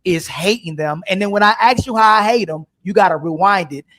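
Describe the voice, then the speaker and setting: A man hosting a livestream talk show, arguing forcefully and repeating his points in a heated debate. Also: high voice, quick pace. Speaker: show host.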